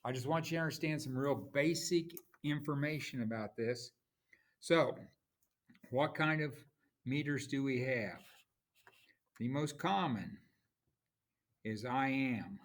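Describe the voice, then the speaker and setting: A man teaching a class, explaining terms slowly and reading out examples with marked stress. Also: mid-range voice. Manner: slow, explanatory, reads examples aloud with stress. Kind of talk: classroom lecture.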